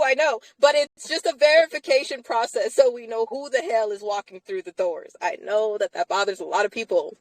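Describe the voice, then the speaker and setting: A woman's voice: fairly high pitch, dry recording, poor audio. Emphatic woman chatting live from a car. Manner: emphatic, laughs often between phrases. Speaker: live chat host. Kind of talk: casual live chat. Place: inside a car.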